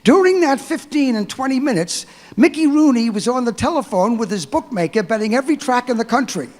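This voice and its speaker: High-voiced man speaking in a hall. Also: expressive, brisk. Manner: earnest, admiring storytelling. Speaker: speaker at a tribute. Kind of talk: speech, anecdote. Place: auditorium. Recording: reverberant auditorium.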